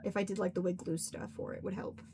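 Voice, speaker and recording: Chatty woman streamer, mid pitch. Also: little pitch movement, quick pace, background noise. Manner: chatty, lots of filler "like". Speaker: author and stream host. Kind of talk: casual livestream chat.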